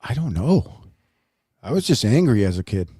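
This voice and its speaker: A man's voice: medium pitch, big pitch swings, normal speed, warm tone, breathy edge, dry recording, studio quality. A middle-aged man co-hosting a casual talk show, telling stories and laughing at himself. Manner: storytelling, laughs often, self-deprecating. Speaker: co-host. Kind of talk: casual chat.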